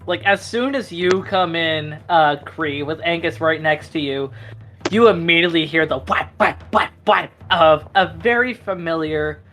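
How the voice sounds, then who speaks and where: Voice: mid-range voice, moderate pace, a bit bright. A game master narrating a tabletop game casually, with many fillers.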